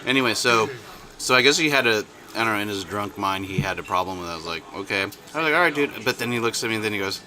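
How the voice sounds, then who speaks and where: A man's voice: lowish voice, sharp tone, a little hiss or hum. Rambling man telling a story. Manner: rambling, halting storyteller with many restarts and laughs. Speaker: podcast co-host. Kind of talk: casual chat, storytelling.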